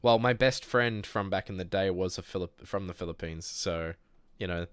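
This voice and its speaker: Low-voiced guy chatting on stream. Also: normal speed, smooth, no echo. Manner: rambling, jokey, many fillers and restarts. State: sick. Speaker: livestream host. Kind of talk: casual chat reading viewer messages.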